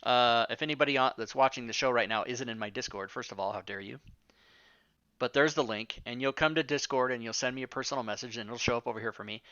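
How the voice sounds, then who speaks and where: A man's voice: mid-range voice, fast, hardly any pauses, pushed and bright, clear, resonant tone, dry recording, lo-fi sound. A man hosting a live-streamed talk show, chatting casually and rambling off on tangents with the odd swear word. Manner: rambling, profane, self-interrupting.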